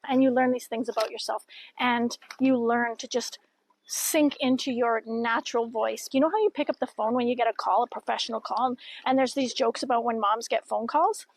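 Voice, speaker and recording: A middle-aged woman chats to camera in an upbeat, encouraging way, her voice sitting a little high with a gravelly fry running through it. She talks casually, like a cheerleader for her viewers. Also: steady tone, moderate pace, poor audio. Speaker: vlogger and podcaster. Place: outdoors by a river.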